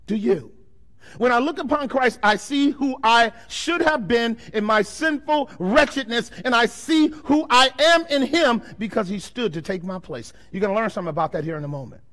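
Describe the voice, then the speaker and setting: A man preaching a sermon as pastor, firing rhetorical questions at his congregation and swinging between loud declarations and quiet, slow passages. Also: very high-pitched, expressive.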